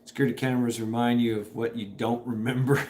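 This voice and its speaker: Chatting on a casual home livestream, this host has a medium-pitched, slightly mellow voice with a flat delivery and a quick pace. He rambles, swears freely and laughs a lot, recorded indoors through a camera propped on a table.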